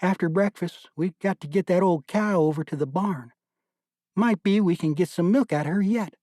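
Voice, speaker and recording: A man voicing a tender young mother of seventeen with soft, homespun rural speech. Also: high voice, moderate pace, no room sound, studio quality, voice pushed up, natural voice. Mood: gentle.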